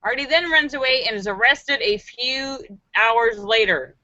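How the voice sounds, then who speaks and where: A woman hosting a live stream, reading viewers' jokes aloud and acting out the voices with giggly, animated delivery. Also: fairly high pitch, a little slow, no echo, muffled recording. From Los Angeles area.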